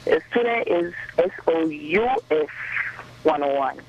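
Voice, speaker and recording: Slow, hesitant Jamaican woman caller. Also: sits low, lively intonation, highs cut off. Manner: hesitant, spells names slowly. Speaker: caller, correspondent.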